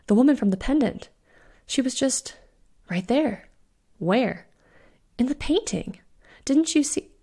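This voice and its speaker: A quick-witted young witch, easily startled and given to sarcasm, as a woman reading aloud puts her on. Her pitch climbs when she is alarmed. The voice has a rough, gravelly edge, and it is part of a spooky audiobook. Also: dark tone, natural voice.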